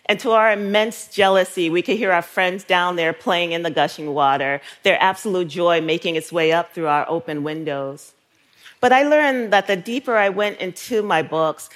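On stage, a New York woman in her fifties from Brooklyn gives a storytelling talk as a writer, unhurried and deliberate, with gently trailing phrases. She speaks in a rather low voice.

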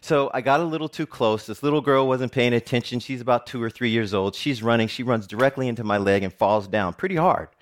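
A man's voice: medium pitch, fairly quick, few pauses. A middle-aged man, a TV presenter, giving a personal storytelling talk with jokes and frequent laughter. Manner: animated, jokey storyteller who laughs often.

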